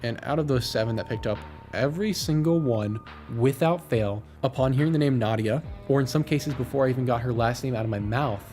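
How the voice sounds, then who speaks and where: A man's voice: medium pitch, a little fast, a little mellow, faint music behind. A man narrating his own video and making phone calls, earnest and a bit confrontational.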